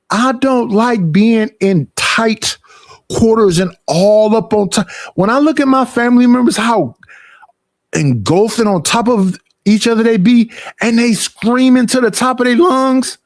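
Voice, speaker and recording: Young man, high-pitched, dry close sound, profane animated streamer rant. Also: unhurried, no room sound. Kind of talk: casual storytelling rant.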